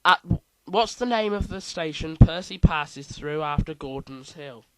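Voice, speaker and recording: A man's voice: fairly high pitch, animated, unhurried, clear, resonant tone, poor audio. A man hosting a casual quiz, reading out multiple-choice options with playful asides. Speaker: quiz host.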